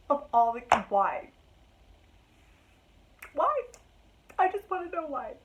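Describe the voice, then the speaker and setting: A woman's voice: high-pitched, big pitch swings, slow, long pauses, slight background noise, poor audio. A young woman in a casual reading vlog, talking emotionally and dramatically about a book she just finished, with frequent fillers. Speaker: book vlogger.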